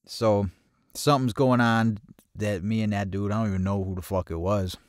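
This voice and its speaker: A man telling a rough story in a blunt, streetwise way, swearing heavily and acting out the voices of the people in it. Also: lowish voice, moderate pace, no echo, clean studio sound. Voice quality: heavy swearing, acts out quoted voices loudly. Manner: blunt, streetwise, animated retelling. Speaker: podcast host telling a personal story. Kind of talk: casual storytelling monologue.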